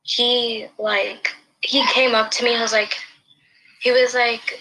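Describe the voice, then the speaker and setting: Bright-voiced young woman telling a rambling story. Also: on the high side, fairly even intonation, a little slow, rough recording. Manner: rambling, full of restarts and "like". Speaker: podcast host. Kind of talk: casual storytelling chat.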